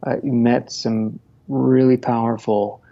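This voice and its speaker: A man's voice: medium pitch, level tone, takes it slowly, creaky, dark tone, muffled recording. A man in his thirties from Montana, a podcast guest talking casually, rambling with many restarts and frequent laughs. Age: 30s. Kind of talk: casual conversational interview.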